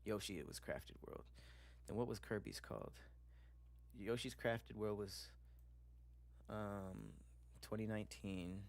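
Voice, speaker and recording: A man's voice: lowish voice, a little slow, gravelly, pauses often. A man streaming casually, chatting loosely with slang and swearing while he reacts to videos and reads viewer comments.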